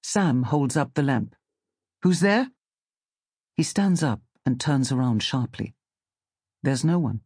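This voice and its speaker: A man reads a story aloud in a calm, measured audiobook style. His voice sits at a middle pitch with a slightly breathy texture. The close mic leaves the sound dry, with no room around it. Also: no room sound. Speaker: narrator. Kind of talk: scripted audiobook narration.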